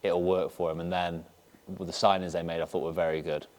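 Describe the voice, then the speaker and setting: A former footballer with a deep, low voice, talking football on a podcast. He lays out his points at length in a steady, measured way, recalling earlier conversations as he goes. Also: a crowd in the background. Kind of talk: casual football chat.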